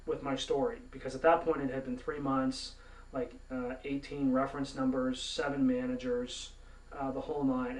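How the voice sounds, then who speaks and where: A Canadian man rants to camera about gaming, mouthy, indignant and free with curse words. His voice sits at a middling pitch. It is recorded in a roomy space with the mic some distance off. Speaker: gaming vlogger. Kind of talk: ranting monologue to camera.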